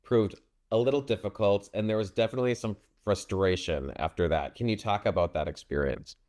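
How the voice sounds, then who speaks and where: A man's voice: on the low side, a little fast, darkish tone. A man hosting entertainment interviews, asking questions in a friendly, congratulatory way.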